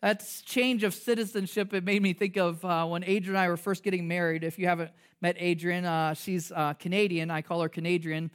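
A man's voice: high-pitched, brisk, hardly any pauses, smooth. A man preaching a conversational sermon as pastor. He jokes, asks rhetorical questions, and restarts his sentences a lot. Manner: animated, joking, rhetorical questions; frequent fillers and restarts.

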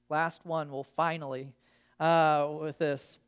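A man preaching a sermon. He talks slowly and with emphasis, leaning on phrases and repeating them for weight. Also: high-pitched, clean tone. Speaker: pastor.

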